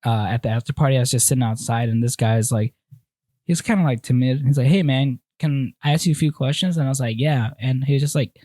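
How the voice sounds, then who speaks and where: A man's voice: mid-range voice, quick pace, no echo, studio quality. A young man hosting a casual podcast chat, candidly telling stories and acting out what people said. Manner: candid, animated storytelling with acted-out quotes. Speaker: podcast host.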